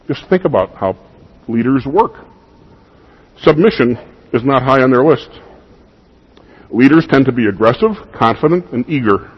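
A man preaching a sermon in a husky voice, in a conversational style with rhetorical questions to the congregation, in what sounds like a church. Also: mid-range voice, lively intonation, normal speed, pauses often. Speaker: pastor. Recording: dull lo-fi recording.

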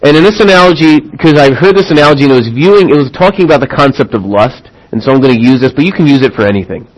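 A man's voice: on the high side, racing, poor audio. A man preaching a sermon, telling an illustration with growing intensity and checking in with "all right?". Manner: animated storytelling, rising in intensity; addresses listeners with "all right?".

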